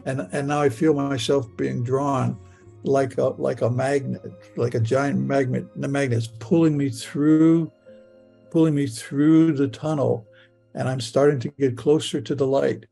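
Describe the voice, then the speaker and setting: Older man, halting and gravelly. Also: mid-range voice, fairly even intonation, dark tone, faint music behind. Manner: halting, stammering restarts. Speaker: storyteller recounting a near-death experience. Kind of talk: personal storytelling.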